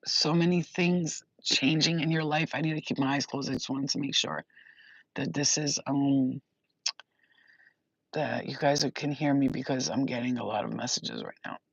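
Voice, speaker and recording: A woman's voice: deep voice, breathy edge, dry recording. A young woman giving a casual intuitive reading, rambling and emotional, swearing and laughing often. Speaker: spiritual channeler. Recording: dull lo-fi dry sound.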